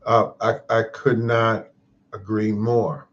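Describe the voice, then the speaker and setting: A man's voice: fairly low pitch, little pitch movement, takes it slowly, muffled recording. A man hosting a casual live stream, telling a reflective, moralizing story in a rambling way. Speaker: host of a live-stream gardening show.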